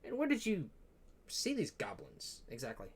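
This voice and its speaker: A man voicing a blunt, suspicious royal guard who speaks in a rough, gruff way. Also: mid-range voice, wildly swooping pitch, moderate pace, voice pushed down, full character voice.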